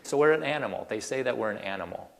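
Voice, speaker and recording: Gravelly-voiced male speaker, animated and folksy, lots of rhetorical questions, long hall reverb. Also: medium pitch, quick pace. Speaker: creationist speaker. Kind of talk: presentation to an audience.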